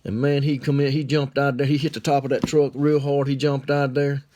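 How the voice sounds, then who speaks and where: A man's voice: medium pitch, flat delivery, a little fast, mellow, a little hiss or hum. A man with a Southern accent telling a rambling, folksy story in a drawling, colloquial way.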